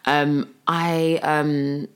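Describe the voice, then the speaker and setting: A woman's voice: low voice, level tone, very slow, clean tone. A young woman, co-hosting a podcast in casual chat and telling rambling stories full of "like" and "innit". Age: young adult. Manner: rambling storyteller, heavy on "like" and "innit". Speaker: podcast co-host.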